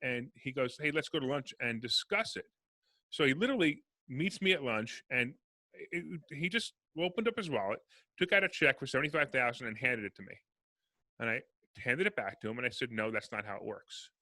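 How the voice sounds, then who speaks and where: Fast-talking bright-voiced man. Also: medium pitch, dry recording. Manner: fast, animated storyteller acting out dialogue. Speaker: real estate investor guest. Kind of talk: casual podcast interview.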